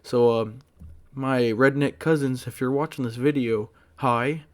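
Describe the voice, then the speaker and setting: A man telling a story to his channel in a casual, rambling way, full of fillers and excited restarts. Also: medium pitch, unhurried. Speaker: vlogger.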